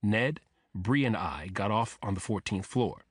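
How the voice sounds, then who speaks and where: A man narrating a thriller audiobook in the first person, telling the story in a measured, even way. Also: on the low side, breathy edge, dry recording, clean studio sound.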